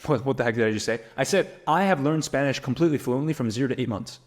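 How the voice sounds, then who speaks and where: A young man teaching business mindset straight to camera, talking fast and with a lot of punch. He keeps firing rhetorical questions at the listener and leans hard on key words, in a voice of middling pitch. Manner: energetic, emphatic, rhetorical questions. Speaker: business coach.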